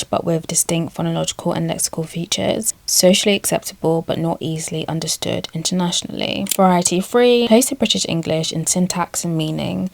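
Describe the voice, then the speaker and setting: A woman narrating a video essay in a measured, scripted way, reading from a prepared text and quoting sources. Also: on the low side, creaky, a little mellow, no room sound.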